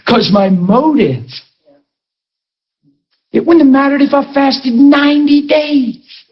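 A man preaching and telling a personal story to a school class, animated and laughing, on a dull lo-fi recording. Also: takes it slowly. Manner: animated, laughing, swings between high and low voice. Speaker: pastor teaching a ministry school.

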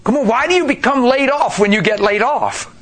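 A man's voice: very high-pitched, a little fast, fairly bright tone. A man preaching a sermon emphatically, asking rhetorical questions and calling out to the congregation.

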